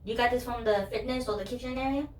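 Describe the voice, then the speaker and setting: A woman's voice: on the high side, fast, a little mellow, reverberant, distant mic, pitched above the performer's own voice, natural voice. A woman voicing a chatty female store cashier who calls people hon and gets flustered. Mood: nosy questioning.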